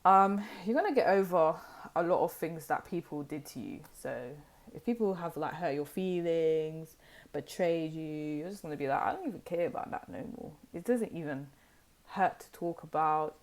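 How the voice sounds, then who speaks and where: A young woman talks straight to her viewers in a low, husky-toned register. She reads tarot in a chatty, sassy way, peppering everything with "like" and "you know". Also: normal speed. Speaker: tarot reader. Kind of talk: casual direct-to-camera tarot reading.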